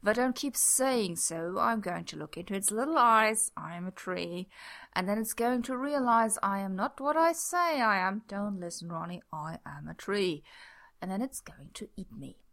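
A grim, panicky man in a storybook reading mutters and snaps through his lines, as a woman reader voices him. The voice is a little lower than her own narration, with a gravelly edge. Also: lively intonation, normal speed, sharp tone, full character voice. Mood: grim grumbling. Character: panicky grumbling man pretending to be a tree.

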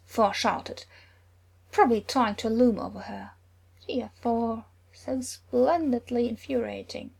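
Breathy woman narrating a story. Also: on the high side, slow, darkish tone. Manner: dramatic, often dropping to a whisper. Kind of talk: reading fan fiction aloud.

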